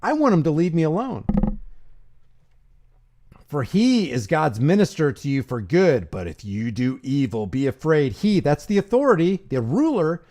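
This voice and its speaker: A man with a fairly high, mellow voice speaks at normal speed, very animated, as he hosts a casual live stream. He reads verses and rebuts them with mocking, sarcastic remarks as channel host and commentator.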